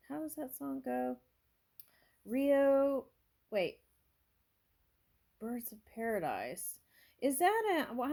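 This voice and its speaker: A woman tarot reader does a casual reading, thinking aloud and musing over each card with small exclamations. Her voice is on the high side and a little mellow.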